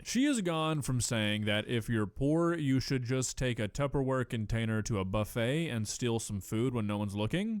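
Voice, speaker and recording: A man's voice: medium pitch, clean tone, no room sound, studio quality. A man giving exasperated, sarcastic reaction commentary.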